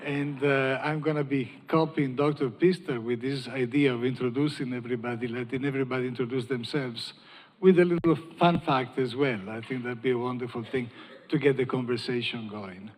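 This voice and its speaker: An Italian-accented man moderates a conference panel, speaking in an upbeat and joking way. His voice sits at an ordinary middle pitch. A long reverb from a large hall trails behind every word. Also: fairly even intonation, a little fast. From Italy. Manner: upbeat, self-deprecating and joking. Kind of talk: conference panel opening remarks.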